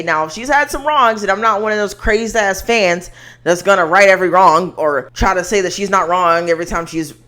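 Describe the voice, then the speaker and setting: A woman's voice: mid-range voice, a bit bright. A young woman giving a blunt, emphatic, slangy commentary rant to the camera. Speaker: commentary vlogger.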